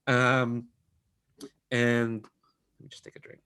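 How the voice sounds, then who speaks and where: Man, game master, rambling casual narration, frequent laughs, middle pitch. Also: completely flat delivery, slow pace, bright, forceful tone, clear, resonant tone. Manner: rambling, full of ums and likes, laughs often.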